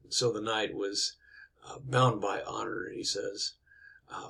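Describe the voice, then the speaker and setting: A man's voice: lowish voice, steady tone, unhurried, gravelly, fairly bright tone. A man casually retelling an old tale, conversational, with fillers and asides. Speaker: storyteller.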